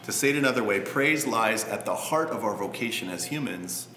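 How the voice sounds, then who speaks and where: A man preaching a sermon in a relaxed, conversational way with light humor. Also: fairly low pitch, fairly quick, roomy sound. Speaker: pastor.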